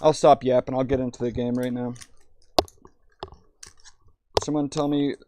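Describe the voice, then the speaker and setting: A man's voice: medium pitch, level tone, quick pace, mellow. A young man streaming in VR, tipsy and rambling, swearing freely while reading chat aloud.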